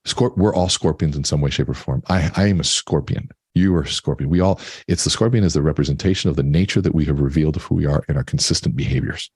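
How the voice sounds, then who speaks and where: A man on a podcast, chatting and telling stories with lively voices for the characters. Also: a bass voice, fast talker, hardly any pauses, breathy edge, no echo, studio quality. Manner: animated storyteller, acts out characters. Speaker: podcast guest. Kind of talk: casual conversation.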